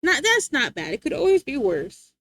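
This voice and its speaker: A woman's voice: sits high, huge pitch swings, moderate pace, fairly bright tone, no room sound. A woman streaming live and chatting casually with her chat, playful and teasing, laughing often.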